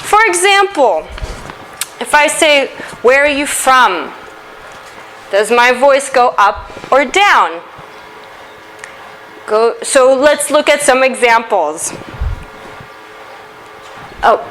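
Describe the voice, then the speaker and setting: A woman teaching an English grammar lesson, explaining step by step with a slow, deliberate delivery and occasional fillers. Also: sits high, sing-song, fairly bright tone, slight background noise, rough recording.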